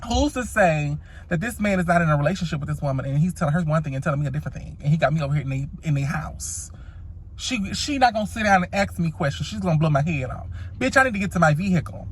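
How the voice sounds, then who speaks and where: A woman's voice: sits low, lively intonation, quick pace, slightly rough. A woman telling a dramatic story to the camera in a casual vlog, sassy and profane, calling her listeners honey and child. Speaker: storytime vlogger.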